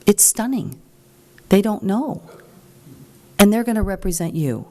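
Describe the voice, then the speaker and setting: A middle-aged woman speaking at a meeting, telling a story in a chatty, frank way and jumping up high when she quotes people. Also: unhurried, pauses often. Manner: chatty and animated, acts out quoted voices higher; frank and plain-spoken. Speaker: speaker at a political group meeting. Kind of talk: informal talk to an audience, storytelling.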